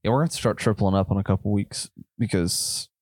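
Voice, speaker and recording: A man's voice: lowish voice, quick pace, a little mellow, breathy edge, no room sound, clean studio sound. Laid-back Southern man hosting a podcast. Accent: Southern US country. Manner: laid-back, rambling, says bro and man. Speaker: podcast co-host. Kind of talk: casual chat.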